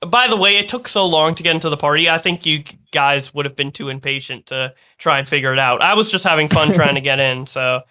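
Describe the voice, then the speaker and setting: Bright-voiced man telling a story. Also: on the high side, a little fast, hardly any pauses. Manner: storytelling with quoted voices, hesitant fillers. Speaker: podcast co-host. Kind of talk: casual chat.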